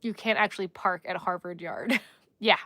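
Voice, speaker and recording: Bright-voiced woman chatting on a livestream. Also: on the low side, fairly even intonation, moderate pace, no room sound. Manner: chatty, laughing, playfully trying out accents. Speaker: crochet livestream host. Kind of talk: casual live-stream chat with viewers.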